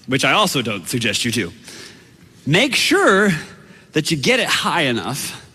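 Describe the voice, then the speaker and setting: A high, bright-voiced man preaching in a lively, bouncing way. He tells his sermon as a story and acts out his own shouts, with a long hall reverb trailing each line. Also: slightly rough.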